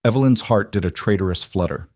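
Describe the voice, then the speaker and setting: Male narrator, low voice, dry close mic; calm, measured scripted story reading. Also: dry recording.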